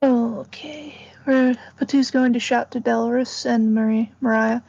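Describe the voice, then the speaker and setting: Mellow woman on a dull dry mic. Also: a little high, fairly even intonation, unhurried, gravelly, dry recording. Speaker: player. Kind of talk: tabletop role-play chat.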